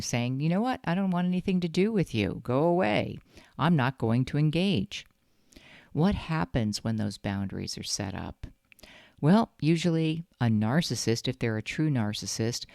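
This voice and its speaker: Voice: mid-range voice, gravelly, mellow, no room sound. Host, casual storytelling to camera, emphatic, aggrieved, dry sound. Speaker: channel host.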